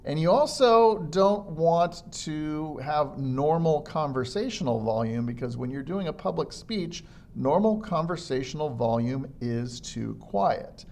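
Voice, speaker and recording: A man's voice: animated, unhurried, few pauses, a little mellow. A man teaching a lesson on public speaking, demonstrating good and bad delivery as he explains. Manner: demonstrates faults by mimicking them, varied pitch and pace. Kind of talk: instructional lecture on public speaking.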